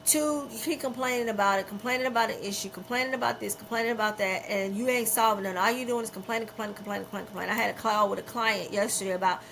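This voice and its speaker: A woman's voice: on the high side, quick pace, few pauses, fairly bright tone, slight background noise, rough recording. A middle-aged woman hosting a podcast, talking in a candid, emphatic and unfiltered way, often repeating herself for weight. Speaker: podcast host.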